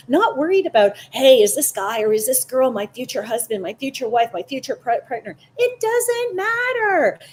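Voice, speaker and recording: A woman hosting a casual psychic live stream, animated and chatty, greeting viewers by name. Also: medium pitch, slight background noise. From Canada. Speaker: psychic livestream host.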